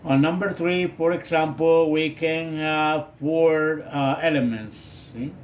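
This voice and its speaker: Brief: man teaching English, slow and hesitant, faint background noise. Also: on the high side, fairly even intonation. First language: Spanish. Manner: hesitant, with many fillers. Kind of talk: recorded video lesson.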